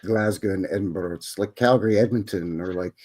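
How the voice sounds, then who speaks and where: A man's voice: sits low, brisk, a little mellow. A man from Alberta with a Canadian accent co-hosting a casual, joking chat. He keeps leaning on "you know" and "right". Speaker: podcast co-host.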